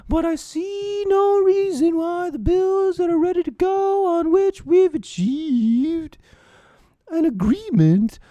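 A shrill, prim, aging female senator in a squeaky, strained falsetto, as a man mocks her voice. The tone is exaggerated and sneering, with a dry, close sound. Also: mellow, no echo, heavily acted. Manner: mocking falsetto impression.

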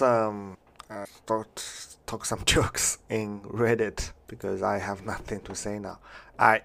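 Man, low pitch, casual joke reading, frequent laughs, verbal slips. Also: creaky. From Canada. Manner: laughs often, stumbles over words. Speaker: vlogger reading jokes. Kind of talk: casual reading of online jokes.

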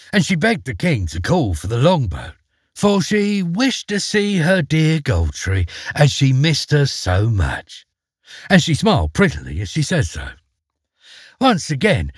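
A male storyteller reading a folk tale with playful, expressive delivery. His pitch ranges very widely and his tone is husky. The recording is close and dry. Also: no echo. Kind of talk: storybook narration.

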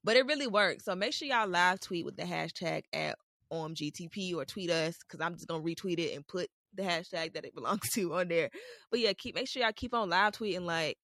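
A woman co-hosting a podcast in casual chat, her voice hoarse and raspy, playful and addressing listeners directly. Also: lowish voice, a little fast, a bit bright, no room sound, clean studio sound. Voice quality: raspy, husky. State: hoarse, throat feels off. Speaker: podcast co-host.

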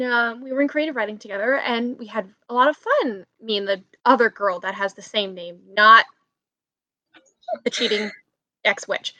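A young woman in college telling a story over a video call, animated and breaking into loud exclamations. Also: fairly high pitch, no room sound. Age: young adult. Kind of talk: casual chat.

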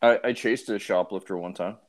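A man from Canada telling a story in relaxed casual chat, with easygoing fillers. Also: on the low side, fairly quick.

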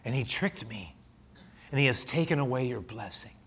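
A man voicing an old blind father who speaks quietly and heavily, resigned to what he cannot undo. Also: mid-range voice, expressive, moderate pace, husky.

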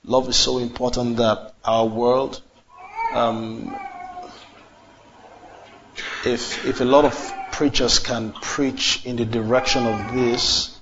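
A man's voice: mid-range voice, flat delivery, slow pace, long pauses, dull audio, noisy background. Man preaching, call and response. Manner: call-and-response preaching, asks the congregation questions. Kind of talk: sermon.

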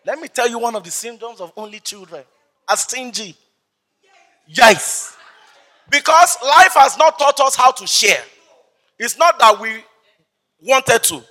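Man, Nigerian accent, pastor, lively sermon storytelling, high voice. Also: unhurried, pauses often. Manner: animated storytelling, acts out voices. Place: church service.

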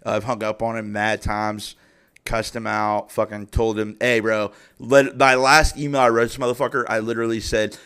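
A man's voice: lowish voice, little pitch movement, normal speed, fairly bright tone, clean tone. A man in his thirties hosting a podcast, ranting heatedly and swearing constantly, with frequent restarts. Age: 30s. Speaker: podcast host. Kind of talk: profane casual rant.

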